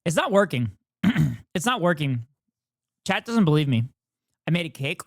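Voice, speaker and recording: A man's voice: on the high side, animated, normal speed, pauses often, no echo. Joking streamer man, dry close mic. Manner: joking, teasing banter with chat. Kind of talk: casual live-stream chat.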